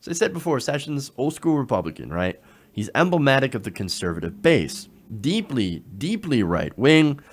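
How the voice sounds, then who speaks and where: A man delivering opinionated political commentary in a sarcastic, animated way. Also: medium pitch, normal speed, slight background noise. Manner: sarcastic, animated, drops into mocking quotes.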